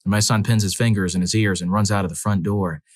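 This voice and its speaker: A man reading first-person stories aloud as a channel narrator, in a measured, earnest way. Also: fairly low pitch, steady tone, dry recording, studio quality.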